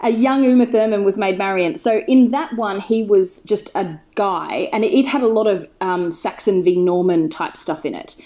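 A woman's voice: medium pitch, normal speed, hardly any pauses, dark tone. A woman talking as a podcast guest, chatty and enthusiastic, wandering off on tangents as she tells the story. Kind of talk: casual chat.

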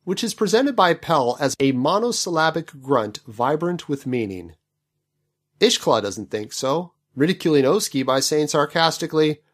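A man's voice: on the high side, lively intonation, moderate pace. A man hosting a podcast, picking apart a novel's plot with wry skepticism. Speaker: podcast host. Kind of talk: book commentary podcast.

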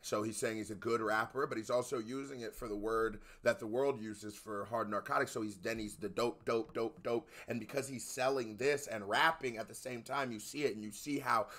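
Young American reaction host, bright voice, loose and animated. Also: male voice, mid-range voice, normal speed, few pauses. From United States. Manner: animated, swearing, talks over the track. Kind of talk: casual reaction commentary.

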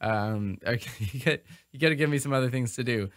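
A man's voice: medium pitch, fairly quick. A man hosting a livestream, chatting playfully and breaking into silly improvised singing. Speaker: livestream host. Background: loud music.

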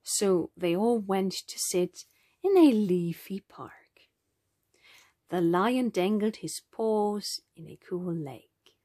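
A woman narrating a children's storybook in a gentle, expressive way. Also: mid-range voice, takes it slowly, no room sound, clean studio sound.

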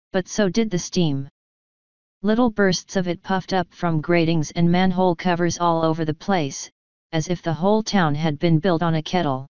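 Calm, low-voiced woman narrator. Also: clear, resonant tone, dry recording, dull audio. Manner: calm, even storytelling. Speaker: audiobook narrator. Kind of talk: scripted narration.

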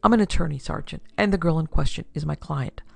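A woman's voice: low-pitched, quick pace, vocal fry, a little mellow, husky, no echo, exaggerated voice. A woman voicing a pale, nervous young male attorney who speaks hesitantly. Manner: hesitant, worried and protesting.

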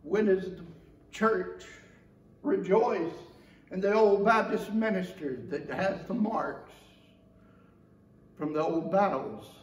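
A man preaching a sermon as pastor in a church, passionate, swinging between loud outcries and low, quiet stretches. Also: slow pace, long pauses, highs cut off. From Georgia, USA. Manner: impassioned preaching with big swings of pitch and volume. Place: church sanctuary. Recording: echoey church from the mic's distance.

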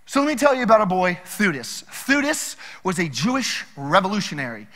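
Guy preaching, chatty and animated, high voice, big echoey hall. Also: fairly quick, hardly any pauses. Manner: casual, animated storytelling. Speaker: pastor. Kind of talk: sermon.

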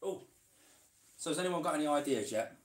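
This is casual vlog chat from a man who keeps reptiles, recorded mid-task in an echoey indoor reptile room while he rambles and speaks to his animals. His voice is on the high side, animated, and fairly quick. He's far from the mic, so the audio sounds roomy.

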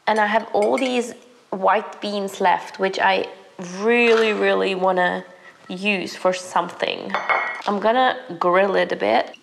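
A young woman, sick and hoarse, chatting casually to viewers while cooking in her home kitchen. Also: mid-range voice, slight background noise. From Germany. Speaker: lifestyle vlogger. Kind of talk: casual cooking vlog chat.

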